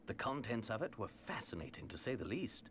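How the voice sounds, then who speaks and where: A genteel professor. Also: male voice, fairly low pitch, sing-song, fairly bright tone, slight background noise. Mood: composed. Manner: measured, formal, articulate. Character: refined British male professor, calm gentleman detective. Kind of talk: video game cutscene dialogue.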